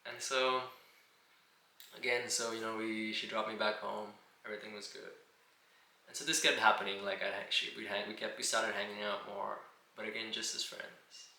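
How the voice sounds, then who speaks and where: A man telling a personal story in an unhurried, reflective way, often circling back with "and again". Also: lowish voice, level tone, gravelly, pushed and bright. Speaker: video diarist. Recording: roomy echo, faint background hiss.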